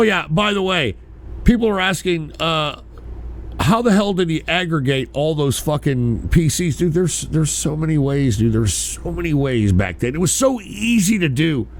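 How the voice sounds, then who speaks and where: A man chatting casually as a streamer, rambling, swearing freely and talking loosely about his past. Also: on the high side. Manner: rambling, profane, loose and conversational. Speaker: streamer reacting to a clip. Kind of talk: casual chat.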